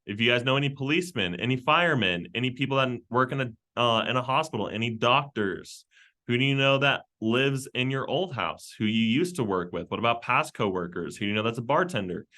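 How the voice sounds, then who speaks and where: A man leading a team meeting, rattling off a long list of quick questions with frequent fillers. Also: mid-range voice, bright, forceful tone. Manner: rapid-fire questions with fillers. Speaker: team leader. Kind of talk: brainstorming prompts at a team meeting.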